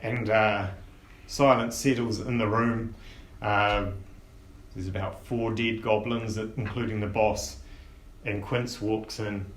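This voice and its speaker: A man narrating a tabletop game as dungeon master, unhurried and descriptive, with frequent fillers. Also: fairly low pitch, steady tone. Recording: roomy echo with faint noise.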